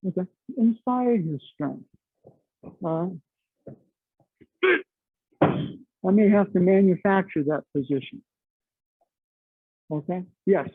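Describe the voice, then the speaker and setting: A man's voice: sits high, takes it slowly, long pauses, husky, no room sound. A middle-aged man teaching a martial arts class, explaining chattily with lots of "okay" and "you know.". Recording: dry, tinny phone-like sound.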